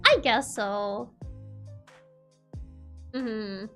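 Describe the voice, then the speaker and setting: A woman's voice: fairly high pitch, extremely slow, sharp tone, soft background music. A woman chatting casually with her viewers on a livestream, giggling often between remarks. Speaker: virtual streamer.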